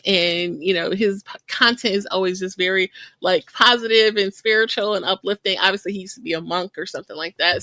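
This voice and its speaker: Bright-voiced chatty woman podcaster. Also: mid-range voice, dry recording. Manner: chatty, laughs often, quick asides. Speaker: podcast co-host. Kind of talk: casual podcast chat.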